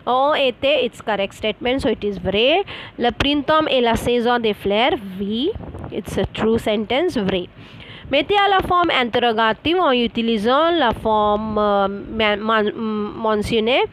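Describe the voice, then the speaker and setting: Teacher, female, high-pitched; patient online French lesson, spells words out, lots of "uh". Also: a little hiss or hum, rough recording. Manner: explains slowly with frequent fillers, spells words out letter by letter.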